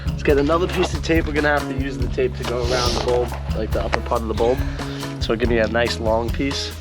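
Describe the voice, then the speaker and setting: A man's voice: medium pitch, steady tone, fast talker. A man with a New York accent, a van life vlogger, casually explaining a hands-on install outdoors. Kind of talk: casual how-to narration. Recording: music playing behind voice.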